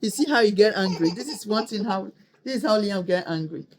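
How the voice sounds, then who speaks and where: A woman's voice: mid-range voice, animated, a little fast. A woman in her thirties, a mother chatting casually in a home vlog, teasing her baby with frequent laughter and reassuring her viewers. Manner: playful, laughs often, coos and teases; reassuring, addresses viewers directly. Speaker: mother and family vlogger.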